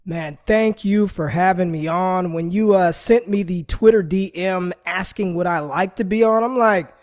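Excited male guest with stumbling restarts. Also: sits high, moderate pace, hardly any pauses. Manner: enthusiastic, hesitant with restarts. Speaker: podcast guest analyst. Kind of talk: casual chat.

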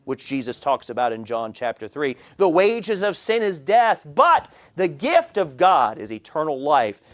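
This pastor's voice is slightly high and his pace measured as he delivers a sermon in church. His preaching is animated, full of stammered repeats where he begins phrases over again.

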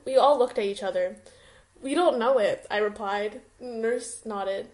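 A woman's voice: fairly high pitch, a little slow, darkish tone. A young woman casually reading a story aloud, often breaking into laughter as she goes. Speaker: co-host reading fanfiction aloud.

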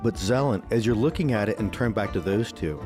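A man narrating a tabletop game as game master, slow and halting with many fillers. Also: fairly low pitch, expressive, music in the background.

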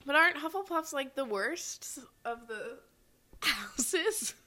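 A woman's voice: sits high, animated, slow pace, sharp tone. A young woman co-hosting a podcast in casual chat, dry and teasing, with lots of "like" in her speech. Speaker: podcast co-host.

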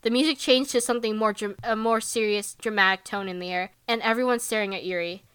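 A woman chatting casually as a podcast co-host, very animated, laughing often, filling her talk with "like" and acting out characters with sudden jumps in pitch. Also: quick pace, smooth, no echo. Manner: swears casually, lots of filler "like". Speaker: podcast co-host recapping an anime episode. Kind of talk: casual chat.

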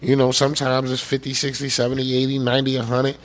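A man's voice: medium pitch, monotone, fast talker. Profane ranting man from Pennsylvania. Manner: profane, repeats "you know what I'm saying". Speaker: podcast host. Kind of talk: casual profane rant.

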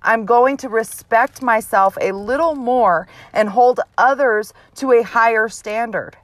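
A woman's voice: a little high, a little slow, no room sound. A mother hosting her own show, delivering a blunt, profane, emphatic motivational monologue. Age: adult mother. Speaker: host.

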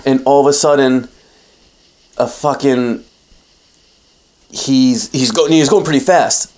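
A man's voice: medium pitch, steady tone, slow, darkish tone. Rambling young man improvising a story. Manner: rambling, laughing, frequent restarts. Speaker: podcast co-host.

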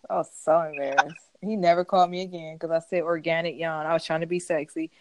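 A woman co-hosting a casual podcast chat, telling animated stories. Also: low-pitched, fast talker. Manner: chatty storyteller, animated retellings. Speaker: podcast co-host.

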